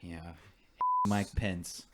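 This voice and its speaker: Low-voiced, laughing male podcast host. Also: flat delivery, extremely slow, noisy background. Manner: laughs often, joking, profane. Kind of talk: casual podcast banter.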